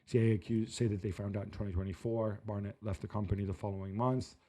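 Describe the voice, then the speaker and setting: Low, mellow-voiced male football analyst. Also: steady tone, quick pace. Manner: thoughtful, hesitant with many fillers. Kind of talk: sports panel discussion.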